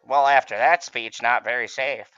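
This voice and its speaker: Swearing, excitable man with bright voice. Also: medium pitch, normal speed, no room sound, lo-fi sound, faint music behind. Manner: excitable, swears a lot, laughs often. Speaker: host of a movie watch-along. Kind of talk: casual chat, reacting to a film.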